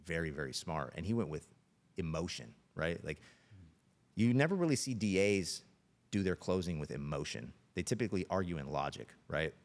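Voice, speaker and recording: A man's voice: deep voice, lively intonation, normal speed. A middle-aged man, a police officer, telling stories earnestly and plainly as a podcast guest. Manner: earnest, plain-spoken storyteller. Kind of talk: podcast interview storytelling.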